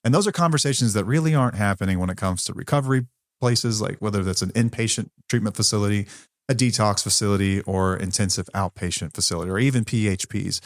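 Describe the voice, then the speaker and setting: A man's voice: lowish voice, fast, dry recording, studio quality. A man co-hosting a podcast who talks in a candid, blunt, conversational way with some mild swearing. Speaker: podcast co-host.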